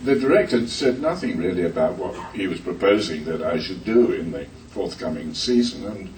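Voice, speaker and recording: An older man, a guest actor on a convention panel, telling a story haltingly with many pauses and uhs. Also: low-pitched, expressive, darkish tone. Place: convention hall. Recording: echoey hall, distant mic, faint noise.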